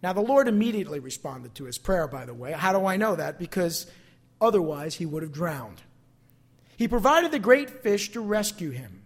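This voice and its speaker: This is an animated pastor in the middle of a sermon, explaining a passage to the congregation. The delivery is lively and it swings between quiet asides and dramatic quoted lines. The preacher often doubles up on words while pushing a point home. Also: mid-range voice, normal speed, slightly rough.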